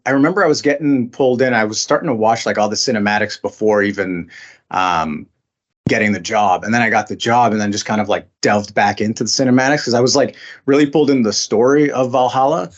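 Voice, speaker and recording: A man's voice: lowish voice, quick pace, dull audio. A man being interviewed as a voice actor, talking casually with many fillers and restarts. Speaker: voice actor guest.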